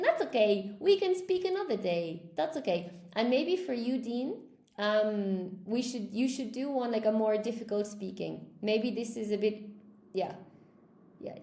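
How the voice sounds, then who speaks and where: Upbeat woman teacher, gravelly, echoey room. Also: fairly high pitch, darkish tone. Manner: upbeat, encouraging, reads out comments. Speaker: English teacher hosting a live stream. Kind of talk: live stream chat with viewers.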